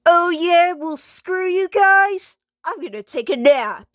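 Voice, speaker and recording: A woman's voice: high voice, slow, clear, resonant tone, dry recording, studio quality. A woman voicing a stubborn, whiny female washing machine in a homemade skit, defiant and slangy.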